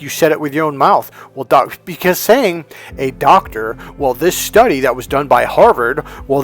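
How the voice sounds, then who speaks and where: A man who works as a dating and relationship coach, giving an emphatic, repetitive motivational monologue. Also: mid-range voice. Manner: emphatic, repetitive, preachy lecturing.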